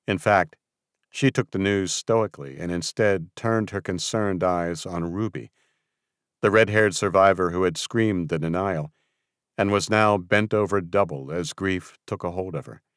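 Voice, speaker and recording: A man's voice: low voice, a little slow, clean tone, dry recording, studio quality. A man reading an audiobook aloud as narrator, giving the characters their own voices. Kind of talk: scripted narration.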